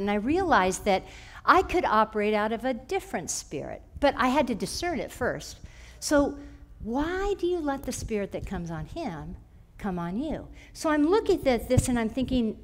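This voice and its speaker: A middle-aged woman teaching a church class through personal stories, animated, and often clearing her throat. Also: a little high.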